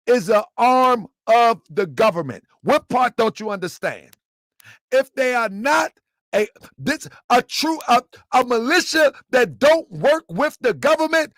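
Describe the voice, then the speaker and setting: Male commentary host, high-pitched, dry close mic, insistent and repetitive, keeps asking listeners questions. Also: a bit bright, no echo. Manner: emphatic, repeats points, quizzes listeners. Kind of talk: live commentary to viewers.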